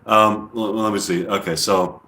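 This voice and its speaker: A man hosting a comedy livestream, chatting casually in a quiet, halting way full of ums. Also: on the low side, fairly even intonation. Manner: quiet, halting, filler-heavy musing. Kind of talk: casual rambling chat. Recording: roomy echo.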